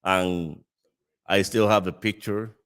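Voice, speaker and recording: A man from the Dominican Republic with a Dominican Spanish accent, a native speaker who works with cigars, tells a story in a cigar lounge. His voice is deep and smooth, his pace slow, and he narrates with animation, laughing frequently and restarting his sentences.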